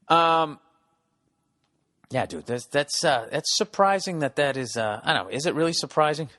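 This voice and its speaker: A man's voice: fairly high pitch, expressive, moderate pace, sharp tone, dry recording, clean studio sound. A man telling a rambling, profane story as a comedy podcast host, acting out bits as he goes. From United States. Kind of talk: casual comedic monologue.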